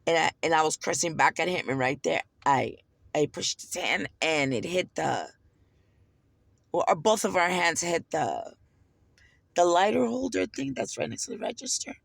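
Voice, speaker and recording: A woman's voice: fairly low pitch, expressive, moderate pace, vocal fry, no echo. Indignant, foul-mouthed woman ranting. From United States. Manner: heavy swearing, heated and indignant. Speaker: vlogger. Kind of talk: casual storytelling rant.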